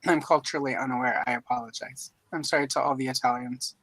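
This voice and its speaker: A woman's voice: very deep voice, fairly even intonation, quick pace, a bit bright, no echo, low-quality recording. A woman from Louisiana hosting a casual live-stream chat, joking and rambling with self-deprecating asides. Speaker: host. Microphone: video call mic.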